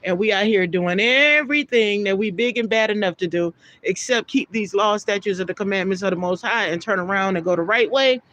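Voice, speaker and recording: This woman reads scripture fairly quickly, with few pauses, in a mid-range, fairly bright voice. She lifts her tone for the archaic Bible verses, then drops into relaxed, filler-heavy remarks of her own.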